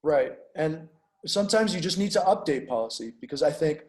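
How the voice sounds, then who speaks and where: Higher-voiced young man co-hosting casually. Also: animated, brisk, darkish tone. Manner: agreeable, chuckling. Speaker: podcast co-host. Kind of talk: casual chat.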